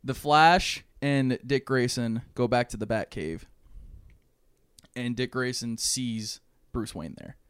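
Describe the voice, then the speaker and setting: A man casually co-hosting a podcast, retelling a movie idea in a rambling, animated way with plenty of swearing. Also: mid-range voice, slow pace, clear, resonant tone, no echo, clean studio sound. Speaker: podcast co-host. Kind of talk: casual chat, pitching a movie plot.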